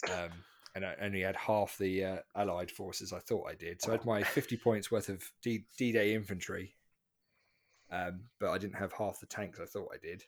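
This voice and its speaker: Rambling low-voiced man chatting. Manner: rambling, many fillers and restarts. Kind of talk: casual chat.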